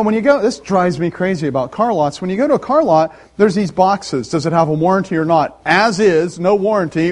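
A man pastor preaching a sermon, animated and emphatic, with dramatic pauses. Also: high voice.

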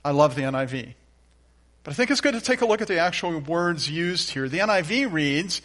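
A pastor preaching a sermon, reading scripture aloud with emphatic repeated refrains. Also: male voice, fairly high pitch, animated, moderate pace, a bit bright.

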